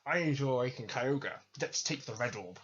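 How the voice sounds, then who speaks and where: A man's voice: mid-range voice, expressive, moderate pace, a bit bright, a little hiss or hum, natural voice. A man voicing a bumbling, self-satisfied male villain boss. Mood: smug. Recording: dull lo-fi recording.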